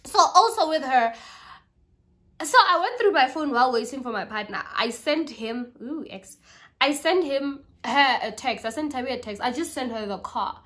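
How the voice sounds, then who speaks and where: A young South African woman with a South African accent, casually telling a personal story to her vlog viewers, chatty and animated. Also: high-pitched, moderate pace. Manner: chatty, animated retelling with quoted voices and code-switching. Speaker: YouTuber.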